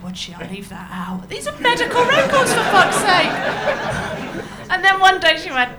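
A woman's voice: extremely high pitch, wildly swooping pitch, takes it slowly, long pauses, over a noisy crowd, heavy background noise. A woman doing a stand-up set to a live audience, chatty and bawdy, laughing at her own jokes. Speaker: stand-up comedian. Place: comedy venue with a live audience.

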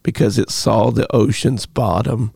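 A man's voice: fairly low pitch, fairly even intonation, vocal fry, very noisy. A church staff member, a man, chatting casually and telling pun jokes. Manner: jokey, quick to agree, tells puns. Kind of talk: casual chat.

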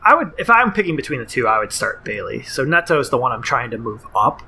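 A man co-hosting a podcast, relaxed and quick to laugh as he thinks aloud. His voice is gravelly with a bright, forceful edge. Faint noise hums behind him. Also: mid-range voice. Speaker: podcast co-host. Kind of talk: casual chat about fantasy football.

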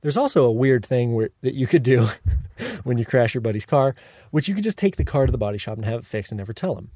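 Man coaching warmly in a dry, close sound. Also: mid-range voice, animated, no room sound. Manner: deliberate, coaching, checks in with "okay?" and "right?". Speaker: self-help teacher. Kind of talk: instructive monologue.

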